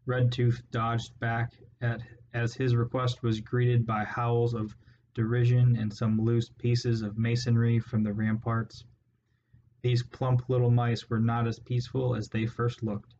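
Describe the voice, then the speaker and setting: A man narrates a storybook in a steady, measured way. His pitch barely moves. The recording sounds dull and lo-fi, with a faint hiss beneath it. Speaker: audiobook narrator.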